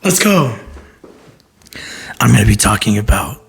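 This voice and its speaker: A man co-hosting a podcast in casual chat, joking and rambling with plenty of swearing, his voice hoarse and half gone. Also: fairly low pitch, sing-song, a little slow, slight background noise. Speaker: podcast co-host.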